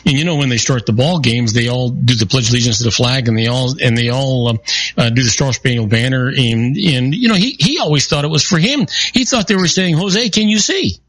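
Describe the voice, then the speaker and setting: A man's voice: medium pitch, fairly quick, a bit bright, a little hiss or hum. A man co-hosting a radio chat, telling corny pun jokes in a playful way. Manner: jokey, telling groan-worthy pun stories.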